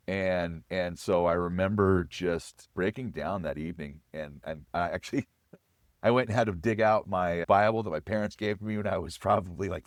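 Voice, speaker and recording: Deep-voiced man telling his faith story. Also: no echo, clean studio sound. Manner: earnest, reflective storytelling with frequent restarts. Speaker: guest, chef. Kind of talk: personal testimony in an interview.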